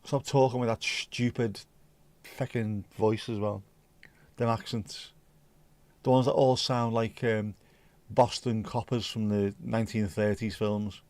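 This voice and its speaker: A man's voice: lowish voice, little pitch movement, unhurried, a little mellow, dry recording. Sweary Irish man in casual chat. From Ireland. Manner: sweary, blunt, mocking. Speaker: livestream host. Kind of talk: casual chat, reading viewer comments.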